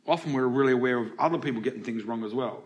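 A man's voice: medium pitch, very fast, muffled recording. A middle-aged Australian man preaching a sermon to a congregation in church, talking in a chatty way and asking them questions as he goes. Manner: conversational, asks the congregation questions.

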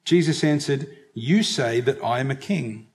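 An Australian man giving a sermon, reading scripture aloud and then explaining it, slowing down for emphasis. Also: medium pitch, a little mellow. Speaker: preacher. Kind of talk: sermon, Bible teaching.

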